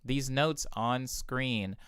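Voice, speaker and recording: A man's voice: medium pitch, drawn-out words, a bit bright, clean tone, dry recording, clean studio sound. A man, a music producer, explaining his vocal chain step by step in a casual tutorial, stopping now and then to correct himself. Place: home music studio.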